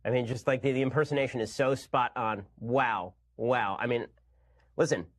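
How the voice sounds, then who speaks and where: A man delivering a political commentary monologue, sarcastic and quick, with dry asides. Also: medium pitch.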